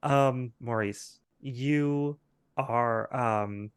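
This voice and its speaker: Male game master, gravelly, slow and halting, dry sound. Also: medium pitch, no echo. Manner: rambling, hesitant with many fillers. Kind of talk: narrating a tabletop game.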